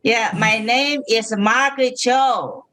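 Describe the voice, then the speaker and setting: A woman doing a stand-up set over a video call with slow, deadpan delivery. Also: fairly high pitch. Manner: slow, deadpan self-introduction. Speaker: stand-up comedian.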